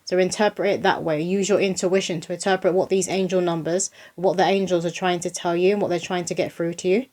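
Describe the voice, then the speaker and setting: A woman's voice: fairly low pitch, steady tone, brisk, hardly any pauses, a little mellow. A young woman giving a casual channeled spiritual reading to camera, earnest and reassuring, often repeating her points.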